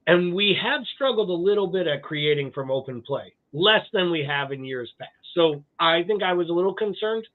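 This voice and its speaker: A man's voice: high-pitched, expressive, moderate pace, hardly any pauses. A man co-hosting a live podcast, bantering in a wry, joking way with casual swearing. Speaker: podcast co-host. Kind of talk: casual chat. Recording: tinny phone-like line.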